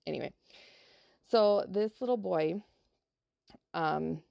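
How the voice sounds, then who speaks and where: A middle-aged teacher from South Dakota, telling a heartfelt classroom story on a podcast. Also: female voice, lowish voice, slow, vocal fry, dry recording, muffled recording. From South Dakota, USA. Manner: heartfelt and emotional, with many fillers. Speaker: elementary teacher.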